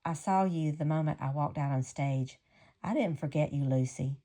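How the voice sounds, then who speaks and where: Woman voicing a soft-spoken young male singer, low mellow tone, earnest and gentle. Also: normal speed.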